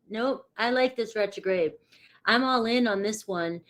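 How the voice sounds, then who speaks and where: A woman's voice: mid-range voice, unhurried, fairly bright tone. Chatty middle-aged tarot reader woman. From New England. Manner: chatty, rambling, greets viewers by name. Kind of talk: casual live-stream chat.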